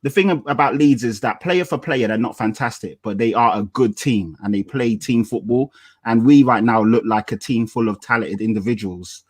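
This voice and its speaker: A man's voice: medium pitch, moderate pace, no echo. A man guesting on a casual football podcast, laid-back and jokey, with lots of fillers.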